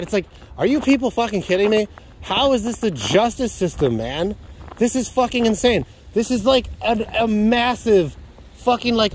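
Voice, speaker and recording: Furious young man ranting, high voice. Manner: furious, heavy swearing, rapid run-on complaints. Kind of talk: angry venting rant.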